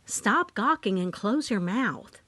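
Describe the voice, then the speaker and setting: A woman voicing a sharp-tongued older aunt who talks bluntly and mockingly. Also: mid-range voice, lively intonation, slow pace, no room sound, exaggerated voice.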